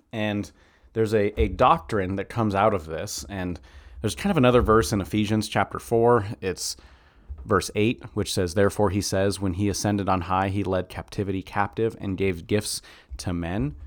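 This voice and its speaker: Lowish male teacher, casual Bible study, slow readings then loose chat. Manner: reads scripture slowly, then chats loosely with laughs and slang.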